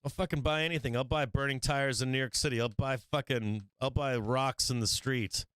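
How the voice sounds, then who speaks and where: A man's voice: mid-range voice, steady tone, normal speed, a bit bright, clear, resonant tone, no echo. A man hosting a livestream market show, talking trading in a brash, profane, rambling way and laughing often. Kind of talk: casual livestream trading talk. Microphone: studio microphone.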